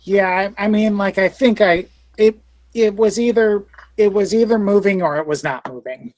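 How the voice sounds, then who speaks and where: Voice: medium pitch, moderate pace, a little mellow, dry recording. A tabletop player describing their character's actions, hesitant and playful with many restarts.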